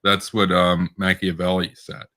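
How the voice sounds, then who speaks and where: A man co-hosts a casual political podcast in a low voice with a sharp, forceful edge. He rambles, doubles back on his words and laughs often as he talks. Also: completely flat delivery, measured pace. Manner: rambling, with frequent restarts and laughter. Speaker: podcast co-host.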